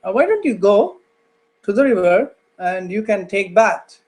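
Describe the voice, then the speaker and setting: A man's voice: high-pitched, very animated, a little slow, a little mellow. A man voicing a courteous elder brother who greets guests eagerly and then frets over how to feed them. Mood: welcoming.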